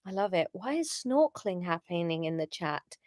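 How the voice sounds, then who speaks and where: A woman's voice: lowish voice, sing-song, moderate pace, a little mellow, no room sound, studio quality. A woman reading her own story aloud on a live stream, giggling and chatting between lines.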